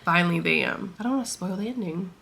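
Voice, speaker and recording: Young woman, bright voice, rambling chat, emotional, lots of fillers, lower pitch. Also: fast, creaky, slightly rough. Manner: emotional, tearful, laughing and sighing while retelling. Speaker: book vlogger. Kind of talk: casual chat retelling a story.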